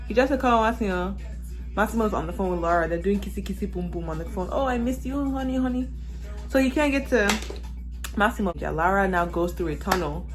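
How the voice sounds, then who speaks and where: A young woman casually recapping a movie on her vlog, sassy and animated, acting out the characters as she talks. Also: on the low side. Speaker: vlogger reviewing a movie while doing makeup. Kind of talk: casual chat.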